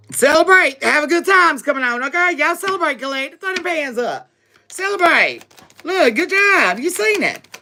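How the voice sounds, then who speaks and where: A woman's voice: sits high, big pitch swings, measured pace, long pauses, sharp tone, slight background noise. A woman giving a live tarot reading, talking in a sassy, emphatic way straight to her viewers, with frequent laughs. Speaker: tarot reader.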